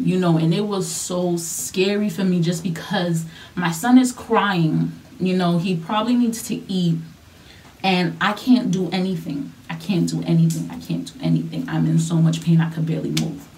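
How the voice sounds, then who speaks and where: A woman's voice: fairly low pitch, darkish tone, distant mic. A young woman vlogger telling a personal story in a casual, chatty way, repeating herself and using lots of fillers.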